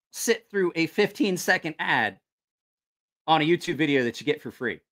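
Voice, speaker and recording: A man's voice: fairly high pitch, animated, normal speed, fairly bright tone. A man hosting a casual live stream who rambles, swears freely and loses his train of thought. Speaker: knife channel livestream host. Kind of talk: casual livestream chat.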